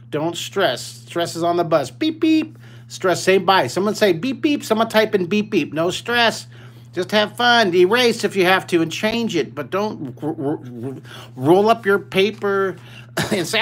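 An older man with a slightly high voice leads a live drawing lesson for kids, streamed from his webcam. He is enthusiastic and playful, talking straight to the children as he draws. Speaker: drawing teacher.

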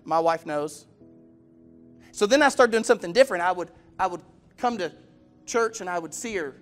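High-voiced pastor preaching. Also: male voice. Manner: direct, asks the congregation questions; storytelling, acts out quoted voices. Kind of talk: sermon. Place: church.

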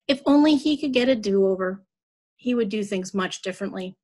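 A woman reading a children's story aloud at a church service, telling it evenly and clearly. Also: mid-range voice, moderate pace, darkish tone.

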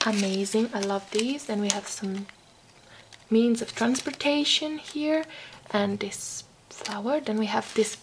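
An Italian-accented woman with a sore throat talks slowly through a craft-mail show-and-tell. Her slightly high voice has a gravelly, fry-tinged edge, and she slips into whispers now and then. A faint noise sits underneath. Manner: soft-spoken, drops to whispers, apologetic asides. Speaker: craft vlogger opening mail. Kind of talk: casual show-and-tell chat.

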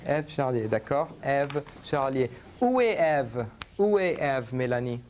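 A man's voice: mid-range voice, big pitch swings, unhurried, darkish tone, slight background noise. Man teaching a French class. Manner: switches between English and French, checks in with students. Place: university classroom.

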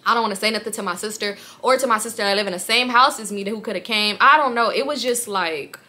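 A young woman vlogger telling a personal story in a candid, animated way, swearing freely. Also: medium pitch, quick pace.

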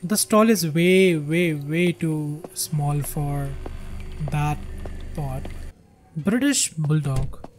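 Male streamer, slow and jokey, mock-scared horror playthrough commentary. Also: a little high, expressive, faint music behind. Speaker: gaming streamer. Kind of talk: let's play commentary.

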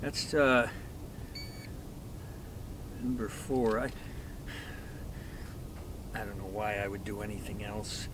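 A man narrating his fishing trip from a boat in a relaxed, easygoing way, sometimes talking to the fish he catches. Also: fairly low pitch. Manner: slow, easygoing, talks to the fish. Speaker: fishing vlogger. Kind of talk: casual on-the-water narration. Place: on a boat on a river. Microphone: action camera. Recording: boat and water noise.

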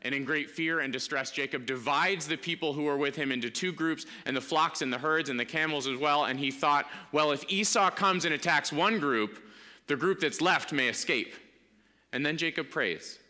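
A man preaches a sermon in a loose, conversational way, often leaning on "like" between thoughts. His voice sits fairly high and sounds bright and forceful. It is recorded in a church sanctuary with a long, lingering reverb. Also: normal speed. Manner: conversational, animated preaching with many "like" fillers. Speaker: pastor.

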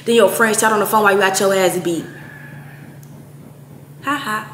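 A young woman in her twenties casually telling a profane story to camera, acting out quoted lines with big jumps in pitch. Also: fairly even intonation, moderate pace, fairly bright tone. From Texas. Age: 20s. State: out of breath at times. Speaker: storytime vlogger. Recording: echoey room with faint noise.

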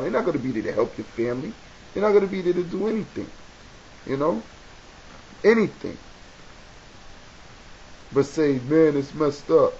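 A man with a New York accent giving a casual advice talk to camera, animated and preachy, repeating key points for emphasis. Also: a little high. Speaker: video blogger. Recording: dull lo-fi webcam audio with faint hiss.

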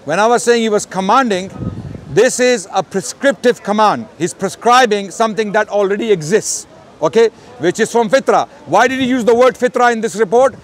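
Guy debating on the street, loud and insistent, pretty high voice, traffic around. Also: moderate pace. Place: outdoors on a city street.

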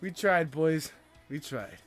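A young man giving casual gameplay commentary as a let's player, with loud excitable outbursts and a lot of laughing. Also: a little high, takes it slowly. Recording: faint game music behind.

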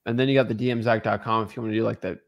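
A man co-hosting a casual livestream, upbeat and chatty, giving viewers shout-outs with plenty of fillers. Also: on the low side, steady tone, very fast, creaky, dull audio. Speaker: co-host of a wholesaling livestream.

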